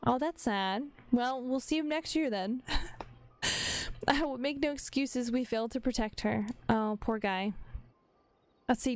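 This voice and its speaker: A woman's voice: fairly high pitch, measured pace, long pauses. A woman streaming a game with casual commentary, reading the dialogue aloud between chatty asides, swearing freely and laughing often.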